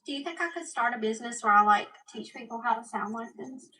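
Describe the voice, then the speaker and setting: A woman's voice: fairly high pitch, fast talker, bright, forceful tone. A woman with a Southern US accent chatting playfully as a guest on a live stream. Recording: breathy voice, distant from the mic.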